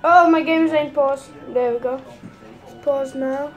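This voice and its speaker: A woman's voice: high-pitched, steady tone, unhurried, faint music behind. A woman using a put-on Irish accent, giving rambling, hesitant gameplay commentary full of fillers. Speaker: gamer.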